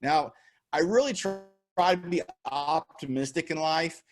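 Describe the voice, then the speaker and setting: A motivational speaker giving a virtual talk on a video call, telling stories in an animated way and chuckling at his own jokes. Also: on the high side, unhurried, faint music behind. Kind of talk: virtual keynote talk with storytelling.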